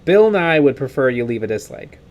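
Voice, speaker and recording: A man's voice: mid-range voice, brisk. A man co-hosting a live miniature painting stream, chatting casually, reading viewer comments and laughing often. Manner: excitable, laughs often, trails off.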